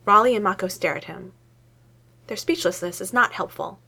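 A woman reading fiction aloud in an expressive storytelling manner. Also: mid-range voice, normal speed, vocal fry, husky. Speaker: story reader.

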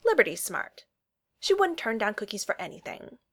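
A woman's voice: fairly high pitch, big pitch swings, normal speed, a bit bright, exaggerated voice. A woman voicing a wry, evasive young woman who keeps a pet dragon, teasing and sarcastic in tone. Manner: playful, sarcastic deflecting.

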